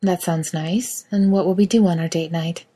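A woman voicing a self-assured, gently teasing woman who is in charge, speaking in a calm, lightly commanding way. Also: fairly low pitch, moderate pace, slightly rough.

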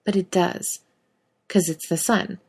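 Blunt, swearing young male hunter, awkward with feelings, a slightly low voice, read by a woman; audiobook fan fiction reading. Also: steady tone, measured pace, vocal fry, husky, full character voice. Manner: swears bluntly, fumbles for words.

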